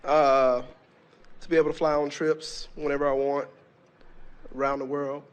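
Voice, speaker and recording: A man in the audience of a seminar, listing his wishes haltingly with many filler sounds between items. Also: on the high side, flat delivery, clear, resonant tone. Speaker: audience member asking a question. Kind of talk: hesitant question from the floor.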